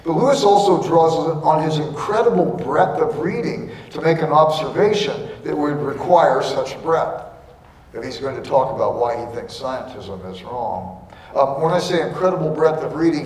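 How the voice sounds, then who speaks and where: Guy lecturing from far off in a big echoey hall, fairly high voice, dry little jokes. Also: lively intonation, moderate pace, a little mellow. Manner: earnest, wry asides. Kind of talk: lecture with anecdotes.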